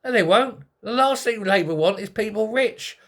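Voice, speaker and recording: A man's voice: high-pitched, lively intonation, moderate pace, a bit bright. A man hosting a sarcastic, exasperated political commentary monologue full of rhetorical questions. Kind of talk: ranting monologue.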